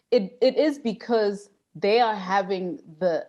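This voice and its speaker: A young woman from Zimbabwe talking emphatically in a casual podcast conversation. She drives her points home and keeps checking that the listener follows her. Her pitch is ordinary and middle. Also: normal speed, hardly any pauses, warm tone. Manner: emphatic, keeps checking in with "you get what I mean?".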